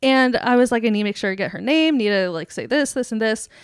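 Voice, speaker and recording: Young woman on a podcast, chatty and giggly, higher voice, dry close sound. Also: fast talker, clean tone, no room sound. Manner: animated, giggly, acts out quotes. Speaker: podcast co-host. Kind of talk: casual storytelling chat.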